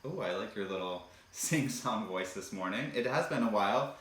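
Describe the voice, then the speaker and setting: A man co-hosting a casual podcast, chatting in a relaxed way with plenty of fillers. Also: on the low side, moderate pace. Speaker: podcast co-host. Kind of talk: casual chat. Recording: echoey room, faint noise.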